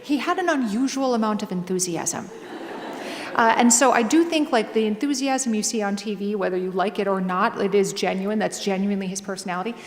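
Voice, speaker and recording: A woman author telling a story to a live audience in a casual, animated way, full of fillers. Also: medium pitch, fairly quick. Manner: chatty and animated, with many fillers. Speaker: author and guest speaker. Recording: echoey hall, faint ambience.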